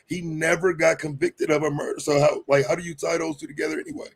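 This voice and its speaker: A man's voice: a little high, fairly even intonation, fast talker, creaky, husky. A man on a discussion panel, making his points in casual, laid-back slang. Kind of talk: heated panel debate.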